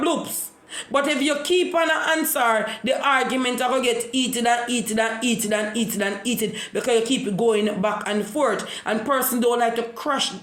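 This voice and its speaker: A woman's voice: on the high side, a bit bright. Preachy Jamaican woman in a roomy space. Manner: repetitive, preachy storytelling. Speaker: vlogger. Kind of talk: casual monologue.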